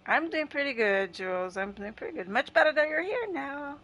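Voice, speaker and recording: A woman's voice: high voice, very animated, brisk, fairly bright tone. A woman chatting casually with her viewers while livestreaming gameplay. She laughs often and greets people in chat by name. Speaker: gaming livestreamer.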